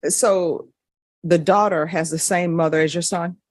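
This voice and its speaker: A woman's voice: lowish voice, steady tone, measured pace, darkish tone, no room sound, studio quality. A woman judge questioning a defendant in court, stern and lecturing.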